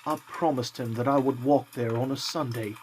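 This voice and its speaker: A man voicing a poor, kindly father who speaks gently through his grief. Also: mid-range voice, steady tone, moderate pace, slight background noise, natural voice. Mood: gentle.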